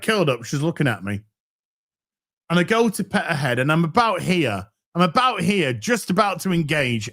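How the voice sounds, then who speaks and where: A man's voice: fairly high pitch, fairly bright tone. A man hosting a live stream who chats casually to his viewers, swearing freely and often restarting his phrases. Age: middle-aged. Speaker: livestream host.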